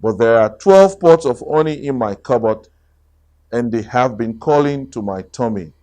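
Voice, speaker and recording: A man doing a gentle, hungry storybook bear. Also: medium pitch, animated, moderate pace, lightly acted. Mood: easygoing. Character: gentle, simple-minded male bear, hungry and easygoing.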